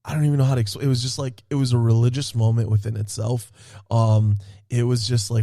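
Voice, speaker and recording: A man excitedly telling a story in a casual podcast chat, swearing often and laughing as he talks. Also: mid-range voice, quick pace, no echo, clean studio sound. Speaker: podcast co-host.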